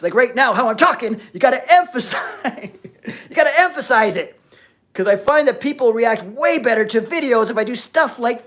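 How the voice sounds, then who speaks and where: A man on a fitness livestream, ranting about discipline and swearing freely, swinging between loud emphasis and low-key talk. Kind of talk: ranting motivational live chat.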